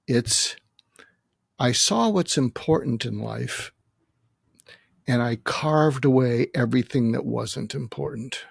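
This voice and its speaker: A man in his seventies, a psychiatrist guest, talking earnestly and haltingly in a reflective interview, emotional as he faces his own death. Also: medium pitch, vocal fry, dry recording, studio quality. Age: 70s. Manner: earnest, halting, many restarts and fillers.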